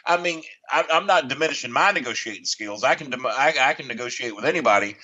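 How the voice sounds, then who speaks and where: A man's voice: medium pitch, lively intonation, fast talker, pushed and bright, highs cut off. A man telling a long comic story as a podcast guest, ranting and swearing heatedly.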